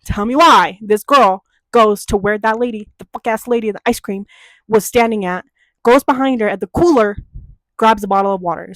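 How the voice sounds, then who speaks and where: A young woman from Denver vlogging a casual storytime, animated and profane, acting out quoted voices. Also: fairly high pitch, no room sound. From Denver, USA.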